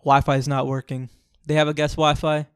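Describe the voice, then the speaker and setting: A man co-hosting a podcast, telling a long comic story in an animated, joking way. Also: on the high side, a little fast, clear, resonant tone, no echo, studio quality. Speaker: podcast co-host. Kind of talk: casual storytelling chat.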